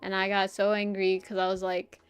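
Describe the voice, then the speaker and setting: A young woman streamer chatting casually and telling a personal story, animated, swearing often and laughing between phrases. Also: mid-range voice, moderate pace, clear, resonant tone, no echo, faint music behind.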